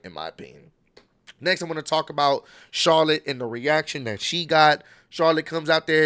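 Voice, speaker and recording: A wrestling recap vlogger gives a casual, opinionated spoken rundown of a show, rambling with frequent fillers. His voice is mid-range and a bit bright.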